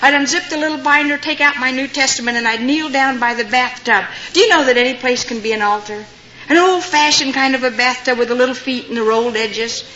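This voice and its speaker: An older woman gives her personal testimony to an audience, her high, sharp voice moving a little fast. She tells stories and acts out the voices of the people in them. The recording is dull and lo-fi, with faint noise.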